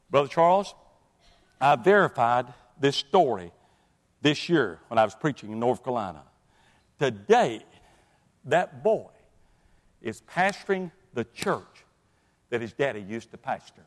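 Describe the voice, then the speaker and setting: A male pastor delivering a revival sermon with a lively, sweeping voice that climbs high. He builds in passion and breaks into shouts at his peaks. His words ring on in the long reverb of a church sanctuary. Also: a little slow, long pauses. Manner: impassioned, swelling to shouts at high points. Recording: long reverb of a large hall.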